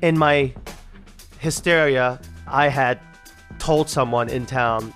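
Man, interviewee, casual first-person storytelling, animated and chatty, mid-pitched voice, music underneath. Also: slow pace, long pauses. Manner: animated, chatty, laughs while telling. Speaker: interviewee telling his story.

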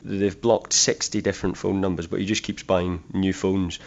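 A man's voice: low voice, flat delivery, normal speed, creaky, highs cut off. A man working as a crime correspondent, explaining plainly in a news interview.

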